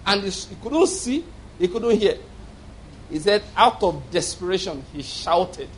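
A man's voice: high-pitched, lively intonation, moderate pace, a little hiss or hum. A man preaching a sermon, telling a story with frequent chuckles and repeated words.

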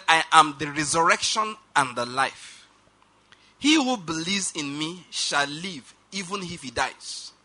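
Bright, high-voiced male preacher. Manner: reads scripture aloud, slows for emphasis, urges the congregation. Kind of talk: sermon.

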